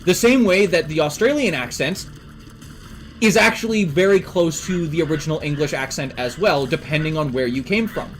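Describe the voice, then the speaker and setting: Blunt swearing Canadian man, higher voice. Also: normal speed, fairly bright tone, slight background noise. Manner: blunt, heavy swearing, emphatic. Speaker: streamer. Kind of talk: casual chat with stream chat.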